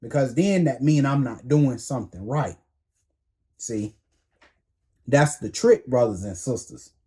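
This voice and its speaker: Man, preacher, sermon, dark mellow tone, blunt, slangy, emphatic repeated commands. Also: mid-range voice, expressive, a little slow. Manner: slangy and confrontational.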